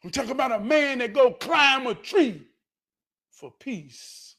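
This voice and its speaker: A man hosting his show, telling a story with animated delivery that swings from low mutters to loud excited shouts. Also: slow pace.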